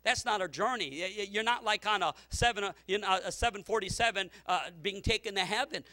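High, bright-voiced preaching man. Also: fast, hardly any pauses. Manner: storytelling preacher, repeats words, rising to shouts. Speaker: pastor. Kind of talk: sermon.

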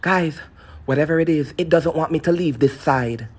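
A man's voice: a little high, normal speed. A man with a lisp, chatting to his viewers while exploring an abandoned building outdoors. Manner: chatty, addresses viewers directly, nervous asides. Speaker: paranormal vlogger. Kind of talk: casual livestream talk to viewers.

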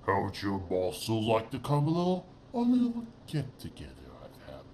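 A man's voice: fairly low pitch, wildly swooping pitch, moderate pace, a little mellow, slight background noise, pitched below the performer's own voice. Bruce, a man doing a polite menacing shark. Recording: roomy echo.

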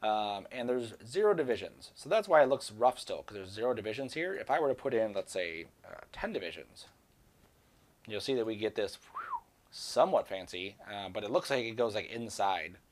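A man giving a screen-recorded software tutorial, talking casually and rambling to himself as he works. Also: lowish voice, big pitch swings, normal speed, slight background noise. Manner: casual, rambling, talks to himself while working. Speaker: 3D software instructor.

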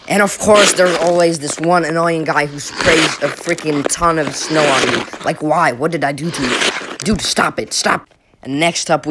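A man's voice: on the high side, background noise. A young man from Finland giving mocking, exasperated comic commentary over a video. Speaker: comedy video creator.

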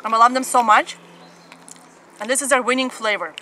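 Woman, family show host, casual eating chat, bright higher voice, mm-hmms between bites, outdoors, faint festival noise. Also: steady tone, fairly quick, rough recording. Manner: chatty and enthusiastic while eating, with frequent mm-hmms. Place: quiet corner on the ground outdoors at a festival.

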